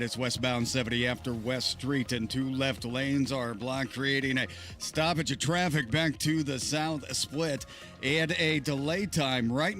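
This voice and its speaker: A man giving a radio traffic report in a brisk, clipped, matter-of-fact read. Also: mid-range voice, a bit bright.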